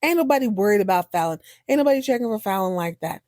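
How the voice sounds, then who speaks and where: A sassy, animated woman recaps a TV drama in casual commentary, her voice warm and mellow. She breaks into exaggerated voices. The sound is dry and close. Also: medium pitch, fast talker, no echo. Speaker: podcast host recapping a TV drama.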